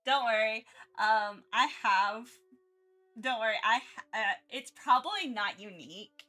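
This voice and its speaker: A woman's voice: on the high side, pushed and bright. A young woman streaming her art, chatting casually and rambling with lots of fillers, restarts and self-mocking asides. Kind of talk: casual chat while drawing.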